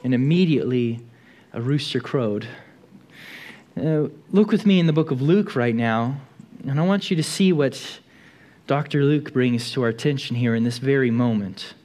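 A man's voice: mid-range voice, moderate pace, a little mellow. A man preaching a sermon in a church, telling the story vividly and often repeating words as he goes.

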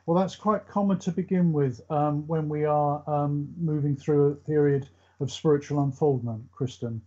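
A man giving a calm, measured psychic reading on a live show. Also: on the high side, breathy edge, highs cut off. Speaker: medium.

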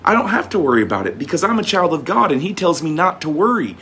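A man's voice: a little high, sing-song, quick pace, sharp tone, a little hiss or hum. A man preaching casually, reading old-fashioned scripture and then explaining it in plain, folksy talk, often repeating words as he goes. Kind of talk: informal scripture teaching.

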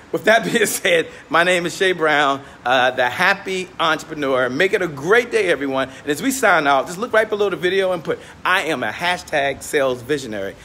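A man's voice: on the high side, pushed and bright, a little hiss or hum. Upbeat man talking into his phone outdoors. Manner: upbeat, motivational. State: slightly out of breath. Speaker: host. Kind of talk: casual livestream vlog. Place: outdoors, walking near a hotel. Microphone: phone held in hand.

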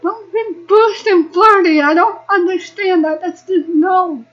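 Very high-voiced woman excitedly gaming. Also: a little slow, muffled recording. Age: 20s. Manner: excitable, talks to game characters. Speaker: gaming video creator. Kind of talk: let's-play commentary.

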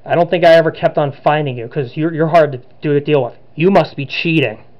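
A man giving excitable let's-play commentary on a horror game, narrating each move as he plays. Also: a little high, fast, dull audio. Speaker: gaming channel host.

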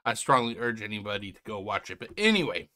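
A man's voice: lowish voice, big pitch swings, fast talker, pushed and bright. A man hosting a reaction video from home, chatting casually to his viewers, rambling and swearing offhandedly. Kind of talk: casual chat to camera.

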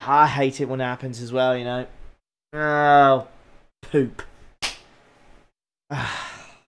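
A man's voice: medium pitch, little pitch movement, takes it slowly, fairly bright tone, smooth. Frustrated man muttering over a race. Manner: frustrated, self-critical muttering with frequent groans and sighs. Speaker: sim racing streamer. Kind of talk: live racing game commentary.

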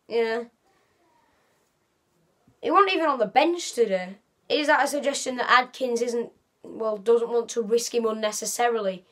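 A woman's voice: on the high side, fairly bright tone. A woman giving a casual, rambling football match reaction as a fan vlogger, often correcting herself.

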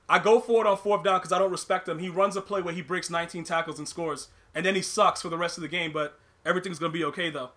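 A young man streaming a football video game, ranting about his opponent in a fast, slangy flow full of restarts. His voice sits high and sounds bright and forceful. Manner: animated, ranting, repeats and restarts words, slangy. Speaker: gaming streamer. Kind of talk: live gameplay commentary.

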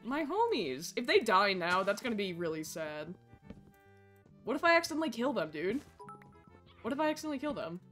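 A woman streaming a game and chatting with her viewers, excitable and squealing over cute animals, swearing casually, with faint game music behind her. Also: mid-range voice, brisk, pauses often. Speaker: Twitch streamer. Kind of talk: casual gaming livestream chat.

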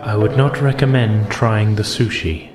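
A man voicing a calm, kindly blind older woman who tells fortunes, speaking gently. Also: fairly low pitch, a little slow, reverberant, natural voice. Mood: mystic. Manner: gentle, soothing, calls listener dear. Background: background music.

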